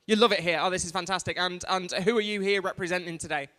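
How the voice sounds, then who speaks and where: A man's voice: sits high, steady tone, quick pace, pushed and bright. A man compering a live award ceremony on a stage microphone, doing crowd work with sweary, self-deprecating banter. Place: large hall at a live event. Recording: live stream from a reverberant hall.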